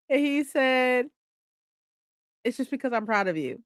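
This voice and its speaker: A woman's voice: high voice, measured pace, pauses often, smooth, no room sound, clean studio sound. A young woman vlogging from home in a casual, bubbly, chatty way. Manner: bubbly, chatty, squeals when excited. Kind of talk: casual chat.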